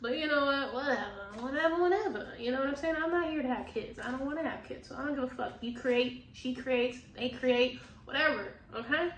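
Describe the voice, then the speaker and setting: A high-pitched woman chats her way through a tarot reading, blunt and profane, laughing as she goes. She sounds a little off-mic in a roomy, echoing space with a faint hiss underneath. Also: fairly quick, few pauses. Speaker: tarot reader. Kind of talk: casual tarot reading chat. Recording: echoey room, distant mic, faint noise.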